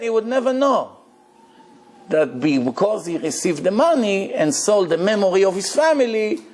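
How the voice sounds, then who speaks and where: High-voiced, animated rabbi preaching. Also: male voice, slight background noise. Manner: animated, emphatic storyteller. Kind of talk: storytelling sermon.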